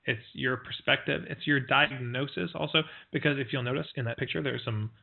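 Man, marketing coach, conversational teaching, fillers and restarts, mid pitch, phone-quality audio. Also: a little fast, creaky. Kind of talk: spoken teaching talk with stories.

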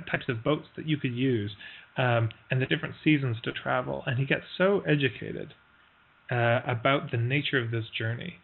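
A man with a gravelly, mid-pitched voice tells a parable to his online class, unhurried and halting, full of fillers as he slips into quick voiced quotes. The sound comes through a thin, tinny line like a phone call. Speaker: online workshop teacher. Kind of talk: storytelling in a live online lesson.

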